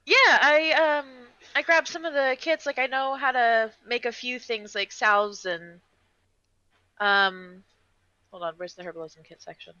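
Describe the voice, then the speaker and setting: Woman tabletop player, higher pitched, chatty and hesitant, dry close mic. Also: unhurried, bright, forceful tone, no room sound, dull audio. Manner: chatty and hesitant, lots of fillers. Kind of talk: casual tabletop game play.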